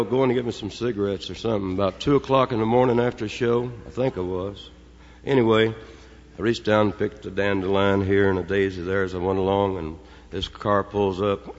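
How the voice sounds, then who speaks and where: Joking man on an echoey concert stage. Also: fairly low pitch. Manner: joking, rambling storyteller. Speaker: performing singer. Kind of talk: live concert stage banter. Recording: echoey, muffled live concert recording. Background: guitar music.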